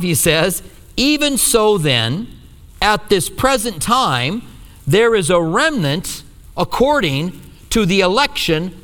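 A man preaches with a bright, ringing voice that climbs high and swoops widely as he tells the story. He acts out the quotes as he goes, and the long reverb of a church hall trails behind each line. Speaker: pastor. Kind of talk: sermon.

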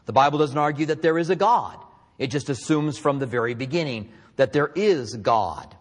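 Husky male Bible teacher in a reverberant hall. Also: fairly high pitch, normal speed. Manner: conversational, animated teaching with emphatic asides. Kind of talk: sermon.

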